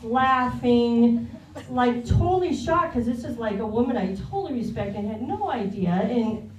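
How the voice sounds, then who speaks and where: A woman's voice: sits high, reverberant, distant mic, a little hiss or hum, low-quality recording. A woman in her thirties doing a stand-up set on a comedy club stage, telling a rambling, confessional story. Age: 30s.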